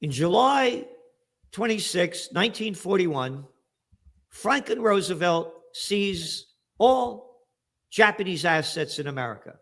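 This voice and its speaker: A man giving ranting political commentary as an interview guest, sarcastic, with bursts of shouting. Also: high voice, lively intonation, slow, vocal fry.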